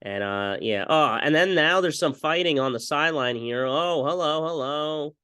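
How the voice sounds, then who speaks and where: Excitable young man calling game replays. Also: medium pitch, moderate pace, clean tone, no room sound. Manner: excitable, mimics broadcast calls, repeats stock phrases. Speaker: fan video commentator. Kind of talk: casual play-by-play game breakdown.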